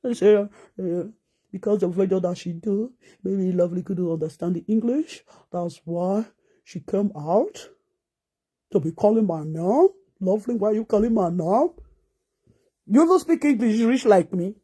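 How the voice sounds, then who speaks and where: A Nigerian woman vlogger ranting and mocking someone with rapid rhetorical questions in a scolding manner. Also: medium pitch, expressive, dark tone, slightly rough. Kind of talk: ranting live-stream commentary.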